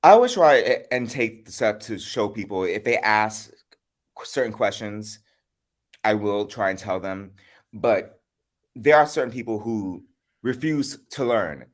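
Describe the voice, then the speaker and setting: Animated man hosting a chat show. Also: fairly low pitch, measured pace. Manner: animated storyteller. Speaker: host. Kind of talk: casual livestream chat.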